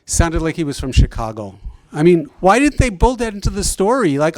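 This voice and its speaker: Academic man fielding audience questions, wry and conversational, slightly high voice, dry mic. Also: sing-song, moderate pace, a little mellow, no room sound. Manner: chatty, wry, self-interrupting. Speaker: sociolinguist guest speaker. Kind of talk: academic Q&A answer.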